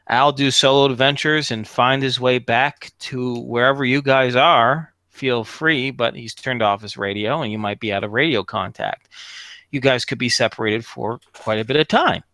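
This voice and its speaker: A man's voice: mid-range voice, sharp tone, no echo. A man running a tabletop game as game master, rambling and correcting himself as he goes.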